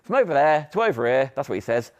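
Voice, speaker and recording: A man's voice: medium pitch, very animated, quick pace, a little mellow, muffled recording. A middle-aged man presenting a live TV shopping demonstration, giving chatty, upbeat sales patter with asides to viewers.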